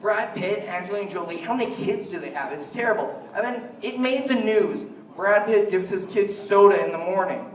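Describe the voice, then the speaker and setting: A man's voice: high-pitched, lively intonation, normal speed, few pauses, recorded from a distance. A man doing a stand-up comedy routine, rambling and jokey, often slipping into mock quotes of other people. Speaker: stand-up comic. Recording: echoey room, voice from afar.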